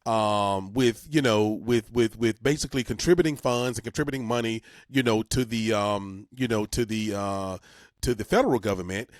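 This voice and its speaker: A man's voice: fairly low pitch, moderate pace, dry recording. Emphatic folksy male talk host, dry sound. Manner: folksy, emphatic, repeats words. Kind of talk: talk radio civics segment.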